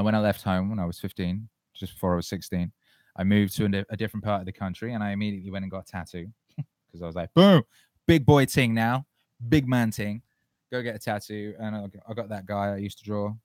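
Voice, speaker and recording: A man's voice: fairly low pitch, a little mellow, dry recording, studio quality. A man hosting a listener question show, chatting loosely and profanely, rambling with frequent restarts. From England. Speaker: podcast host answering listener questions. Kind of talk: casual solo chat.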